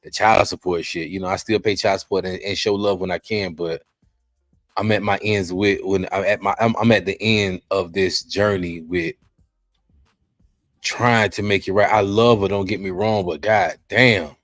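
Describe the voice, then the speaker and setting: A man hosting a podcast, talking in an emotional, halting way, worn out and near tears, often repeating himself. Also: sits low, fairly even intonation, fairly bright tone, no echo. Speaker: podcast host.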